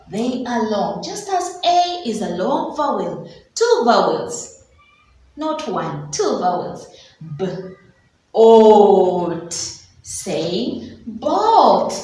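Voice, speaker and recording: A woman preschool teacher from Uganda, telling a story in an animated, sing-song way and sounding out letters slowly for young children. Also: fairly high pitch, slight background noise. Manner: slow, drawn-out sounding of letters. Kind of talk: children's phonics lesson with storytelling. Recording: very echoey room, voice from far off.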